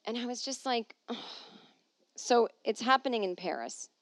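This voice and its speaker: A woman's voice: on the high side, expressive, moderate pace, a bit bright, no echo. A woman hosting a podcast from home, chatting casually and reading an article aloud with wry, jokey asides. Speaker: podcast host.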